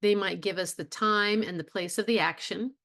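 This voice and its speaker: A woman's voice: medium pitch, moderate pace, fairly bright tone. Brief: middle-aged woman teaching a college theatre class, chatty lecture tone, asks the class questions. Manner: conversational, with fillers and rhetorical questions. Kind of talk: recorded video lecture.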